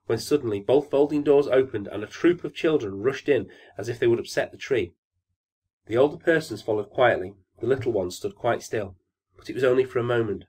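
A man reading a fairytale aloud as a bedtime story at a mid pitch. His delivery is measured and gently expressive, and his voice is husky and breathy.

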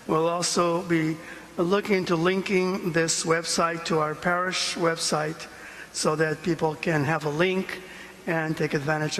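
A man makes halting parish announcements, very slow and full of pauses and fillers. His voice is bright and a little high. Long church reverb and a faint crowd surround him. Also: slight background noise. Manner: hesitant, many fillers.

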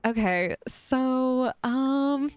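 A woman's voice: sits high, drawn-out words, smooth, dry recording. A young woman casually chatting and giggling as she narrates her life-sim game for her channel. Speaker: gaming YouTuber. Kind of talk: casual Let's Play commentary.

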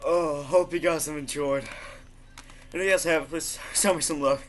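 Excitable, foul-mouthed man gaming. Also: moderate pace, slight background noise. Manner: excitable, swearing, bursts into laughter and high-pitched yells. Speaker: gaming video host. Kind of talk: live gameplay commentary.

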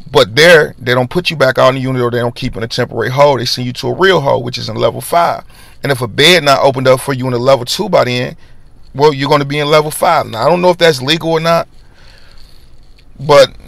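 A man's voice: mid-range voice, vocal fry, a bit bright, no room sound. A young man telling a casual storytime monologue in street slang, acting out other men's lines in a raised voice. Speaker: vlogger.

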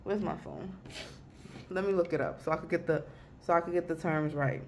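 A young woman vlogs from her desk at home, her voice sitting low and sounding close to tears. She talks in a confessional, rambling way, trailing off and restarting her thoughts. Faint background noise hums under the recording. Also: fairly quick. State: weepy, emotional. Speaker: vlogger. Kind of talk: casual vlog chat.

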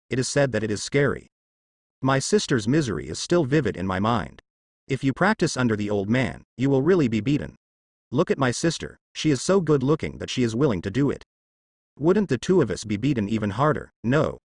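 A man's voice: medium pitch, sing-song, fairly quick, no echo, studio quality. A man voicing a scheming younger sister in a storybook, with a whining, wheedling delivery. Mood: pleading.

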